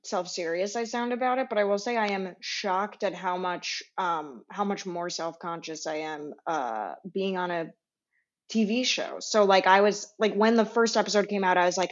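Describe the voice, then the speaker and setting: A woman's voice: mid-range voice, moderate pace, highs cut off. A woman, an actress guest in a casual interview, laughing often and downplaying herself. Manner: giggly and self-deprecating.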